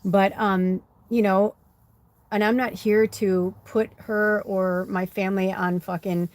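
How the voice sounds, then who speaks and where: A woman speaking as a spiritual medium in a frank, unfiltered monologue. She is casual and profane, full of fillers, and hammers points home by repeating herself. Her pitch sits in an ordinary middle range. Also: level tone, takes it slowly, darkish tone. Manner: blunt and profane, with frequent "like" and "you know"; emphatic, repeating phrases for effect. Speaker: spiritual medium and card reader. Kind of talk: candid personal monologue during a card reading.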